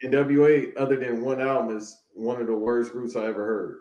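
A man's voice: medium pitch, fairly even intonation, a little fast, mellow, muffled recording. A man co-hosting a podcast, teasing his friends and making provocative claims in casual chat. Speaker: podcast co-host. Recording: echoey room with faint noise.

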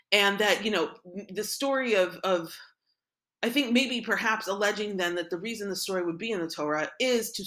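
A woman's voice: medium pitch, a bit bright. A woman giving an informal Torah lesson, retelling a biblical story conversationally and often checking in with "right?" and "like". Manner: conversational, frequent "right?" and "like" asides. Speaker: Torah teacher.

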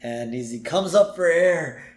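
A man's voice: a little high, animated, unhurried. A man co-hosting a podcast, chatting animatedly and laughing often as he recaps an episode. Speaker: podcast co-host. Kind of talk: casual episode recap chat. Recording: roomy echo.

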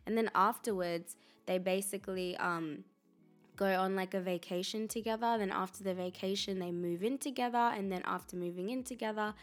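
A young adult woman hosting a casual solo podcast, chatty and animated, laughing often and acting out her own reactions. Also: mid-range voice, fairly quick, faint music behind. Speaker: podcast host.

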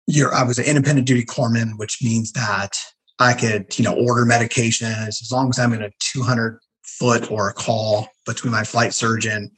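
A middle-aged man, a guest telling stories in a casual interview, animated and acting out the people he quotes. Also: medium pitch, moderate pace, low-quality recording. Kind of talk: casual storytelling.

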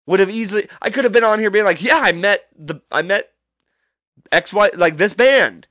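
A man's voice: high-pitched, expressive, moderate pace, sharp tone, no echo, clean studio sound. Profane rambling man telling a story. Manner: rambling, profane, incredulous, many restarts. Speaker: podcast host. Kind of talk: casual storytelling monologue.

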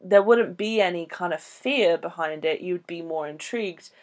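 A woman co-hosting a podcast, talking casually about a film in a rambling, animated way. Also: fairly low pitch, normal speed. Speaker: podcast co-host.

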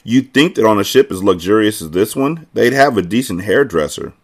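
A man's voice: fairly low pitch, animated, brisk. A man voicing a snooty, sophisticated rich teenage girl in a storybook reading, haughty and dismissive. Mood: disdainful.

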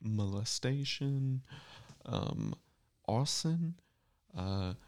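A man casually telling a history story on a podcast, slow and halting with lots of fillers. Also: medium pitch, expressive, vocal fry, a little mellow. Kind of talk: casual chat.

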